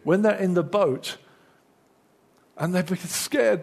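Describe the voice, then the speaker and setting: Husky-voiced man preaching a sermon. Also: high-pitched, slow. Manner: lively preaching, acts out inner voices.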